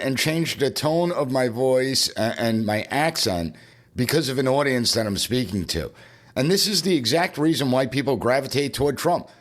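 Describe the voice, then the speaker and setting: A man hosting a political commentary podcast in an emphatic, punchy way, repeating phrases for effect. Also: medium pitch. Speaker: podcast host and professor.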